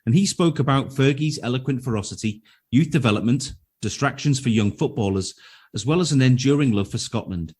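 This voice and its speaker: Podcast host, man, mid-range voice, reads clip intros, measured delivery. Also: medium pitch, darkish tone, slightly rough. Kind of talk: reading clip introductions and asking questions.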